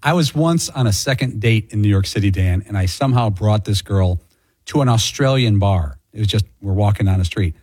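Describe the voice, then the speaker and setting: A man on a sports radio show delivers dry wisecracks and quick anecdotes. His voice is husky and sits dry and close to the mic. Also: lowish voice, animated, darkish tone, no echo.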